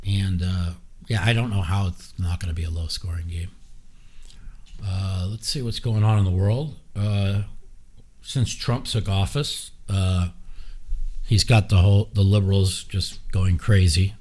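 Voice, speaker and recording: A man's voice: low-pitched, fairly even intonation, measured pace, a little mellow. A man hosting his own podcast, giving blunt, profane, rambling opinions in a casual chat. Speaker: podcast host. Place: streaming with a live chat.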